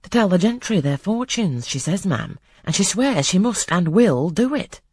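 An anxious footman, as a reader puts him on in a storybook reading. He speaks deferentially with lively ups and downs, husky and dry. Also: mid-range voice, moderate pace, no room sound, pitched above the performer's own voice. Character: anxious male footman servant.

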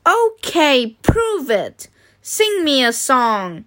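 Woman playing a cheeky kid kitten: high, bouncy, slow storybook lines. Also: sing-song, fairly bright tone, full character voice. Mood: teasing. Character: cheeky little boy kitten.

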